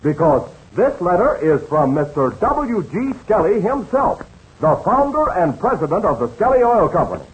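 A man working as a 1930s radio serial announcer, speaking in a bright, friendly way and narrating the story with melodrama. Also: high-pitched, big pitch swings, moderate pace, hardly any pauses, low-quality recording.

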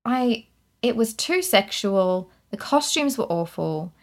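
Speaking slowly in a slightly high, gravelly voice, a woman co-hosts a podcast. She's ranting about a movie with animated incredulity and laughs, in a casual review conversation.

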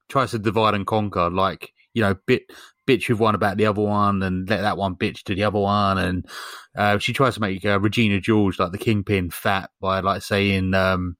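A man with a lowish voice rambles through a story among friends, full of ums and little jokes. His voice is close and dry, with no room sound around it. He sounds like a podcast co-host chatting casually. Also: fairly bright tone, dry recording. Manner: rambling, many ums, jokey. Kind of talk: casual chat, retelling a film plot.

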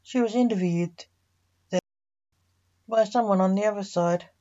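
A matter-of-fact chicken arguing a case in court, as a woman storyteller reads it. The voice is dark and mellow and unhurried, taken down on a dull, lo-fi recording. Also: mid-range voice, close to an everyday voice. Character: a chicken acting as a calm courtroom lawyer.

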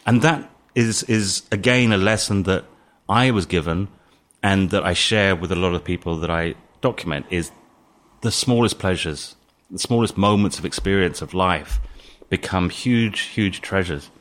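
A British man speaking as an interview guest, telling his story in a calm, thoughtful way. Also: low-pitched, normal speed. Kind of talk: reflective interview talk.

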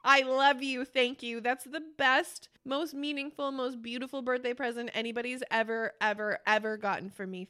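A young woman co-hosting a casual podcast chat, excitable and swearing casually. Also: sits high, normal speed, few pauses. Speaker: podcast co-host.

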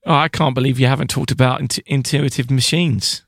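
A man's voice: medium pitch, steady tone, a little fast, gravelly, slightly rough, no room sound, studio quality. A man co-hosting a space podcast in casual chat, teasing and easygoing. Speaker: podcast co-host.

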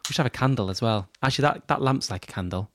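A man's voice: mid-range voice, rapid-fire, a bit bright. A man co-hosting a podcast, chatting casually and tossing in dry, wry quips. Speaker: podcast co-host. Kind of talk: casual comic banter.

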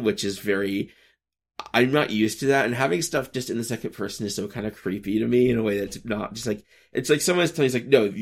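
A man in his thirties talks through a loose podcast monologue with a low, gravelly voice. He stops and restarts often and swings between bursts of energy and quieter, subdued stretches. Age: 30s. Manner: halting, self-interrupting, shifts between high energy and subdued. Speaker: podcast host. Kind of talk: rambling casual monologue.

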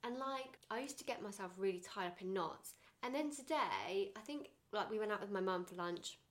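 A young woman hosting a casual chat, talking in a chatty, animated way and acting out quotes. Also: medium pitch, moderate pace. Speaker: podcast host.

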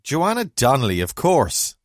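An Irish man co-hosting a casual chat, wandering off on tangents in a deadpan voice. His pitch sits at an ordinary middle, and the sound is dry and close with no room echo. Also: measured pace. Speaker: podcast co-host.

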